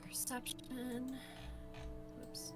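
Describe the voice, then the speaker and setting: A woman playing a tabletop game, excitable and stammering over her words. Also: high voice, extremely slow, loud music behind the voice. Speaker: player.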